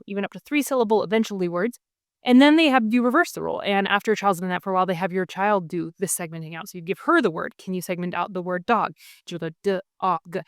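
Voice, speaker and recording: A woman's voice: medium pitch, clean tone, dry recording, studio quality. A woman in her thirties, a homeschooling mother, talking casually and eagerly as she explains things step by step, with frequent ums. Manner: friendly, enthusiastic, explains step by step with many ums. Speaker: homeschooling mother sharing curriculum picks. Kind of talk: casual explanatory video talk.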